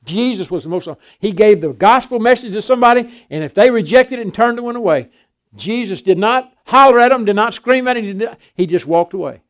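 An older man preaching a sermon, swinging from loud emphatic declarations to quiet, folksy storytelling. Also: high-pitched, lively intonation, a little fast.

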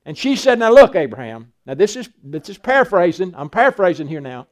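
High-voiced preacher man, folksy. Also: big pitch swings, fairly quick. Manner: folksy, preachy, acts out Bible dialogue. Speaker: pastor. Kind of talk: sermon.

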